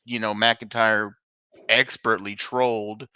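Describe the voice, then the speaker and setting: Man, podcast co-host, bright tone, dry sound, casual joke-telling. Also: on the low side, flat delivery, slow pace, smooth, no room sound. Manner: laughs often, tells jokes with voiced characters. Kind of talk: casual chat.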